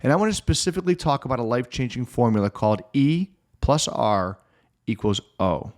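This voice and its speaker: A man's voice: medium pitch, expressive, a little mellow. A middle-aged man hosting his own podcast as a mental performance coach, telling a client story in an earnest, emphatic motivational monologue. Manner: earnest, emphatic storytelling with slow stressed phrases.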